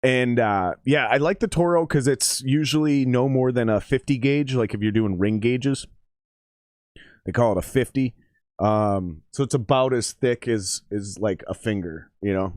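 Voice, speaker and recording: A man's voice: medium pitch, normal speed, darkish tone, no echo. Rambling, profane man on a dry close mic. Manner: rambling, profane, with many fillers. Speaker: streamer commenting on a game. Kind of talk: casual livestream chat and commentary.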